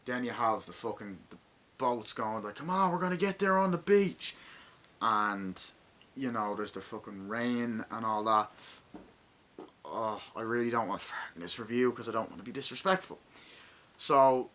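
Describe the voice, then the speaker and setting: A man's voice: lowish voice, fairly even intonation, normal speed. A man giving a casual, rambling movie review, swearing often and acting out scenes. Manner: acts out scenes with shouted lines.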